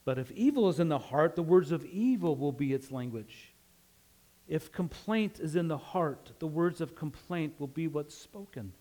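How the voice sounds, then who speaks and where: Male preacher from Utah, light Western drawl, higher-pitched, relaxed conversational sermon delivery. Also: normal speed. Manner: conversational, asks "right?" often, laughs easily.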